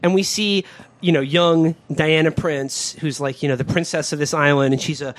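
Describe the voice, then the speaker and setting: Higher-voiced man hosting a comedy podcast. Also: steady tone, moderate pace. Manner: rambling recap with fillers and mocking asides. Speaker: podcast host. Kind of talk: casual comedic discussion.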